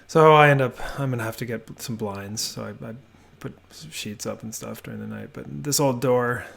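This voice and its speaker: A man narrates a house-tour voiceover from his home office, talking at an ordinary, middle pitch. His delivery is relaxed and rambling, with plenty of fillers and restarts. A gravelly fry runs through the voice. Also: moderate pace. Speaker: homebuilding vlogger.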